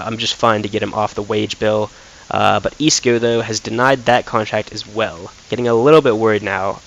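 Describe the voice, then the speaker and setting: A man's voice: on the low side, fairly bright tone, poor audio. An American man giving casual commentary over a football career-mode game, thinking aloud with frequent fillers. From United States. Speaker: gaming YouTuber.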